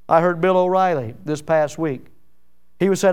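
A preacher delivers his sermon in a high, smooth and resonant voice. His cadence climbs and drops as he presses each point home, repeating phrases for emphasis. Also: normal speed, a little mellow.

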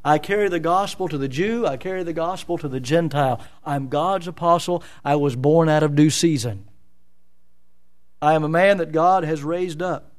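A man's voice: fairly high pitch, normal speed. A man preaching an expository sermon in a church, emphatic and full of rhetorical questions. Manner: emphatic, rhetorical questions, dramatic voicing of scripture.

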